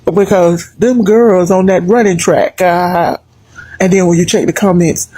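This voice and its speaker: Husky-voiced American woman commentator. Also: lowish voice, a little slow, dry recording. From United States. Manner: animated, emphatic, mocking asides. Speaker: video commentator. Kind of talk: casual opinion commentary.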